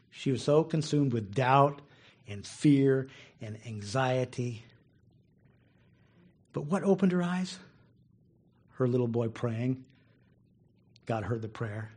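A man's voice: medium pitch, darkish tone, slightly rough. A man preaching a casual, conversational sermon who laughs often and repeats words as he goes. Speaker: pastor.

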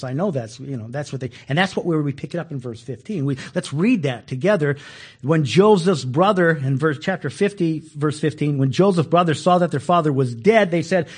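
A man teaching a Bible study in a folksy, animated way, acting out the quoted lines with extra force. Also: on the high side, brisk, breathy edge.

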